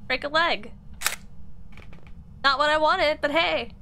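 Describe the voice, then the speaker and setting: A woman's voice: sits high, slow pace, bright, forceful tone, a little hiss or hum. A woman streamer commentating on a ghost-hunting game, taunting and cursing as she calls out to the ghost. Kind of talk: casual gameplay commentary.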